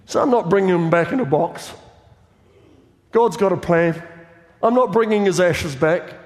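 High-voiced fervent preacher in echoing hall. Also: male voice, measured pace. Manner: fervent, builds to shouting. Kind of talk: sermon. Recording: long reverb of a large hall.

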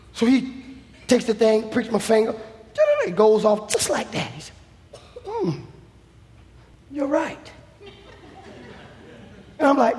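A man preaching a sermon as an evangelist, shouting and acting out dialogue with emphasis. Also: very high voice, expressive, slow, long pauses, slight background noise. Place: church. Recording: echoey church hall.

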